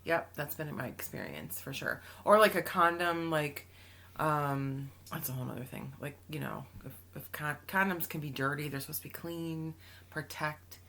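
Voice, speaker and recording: A woman's voice: sits low, moderate pace, vocal fry, a bit bright. A woman co-hosting an advice podcast, chatting bluntly and laughing often. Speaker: podcast co-host. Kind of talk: casual frank chat.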